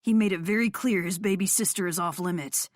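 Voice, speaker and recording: A woman reading an audiobook, voicing a teasing young male rock star in a lowered, smirking voice. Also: brisk, no room sound, clean studio sound, natural voice.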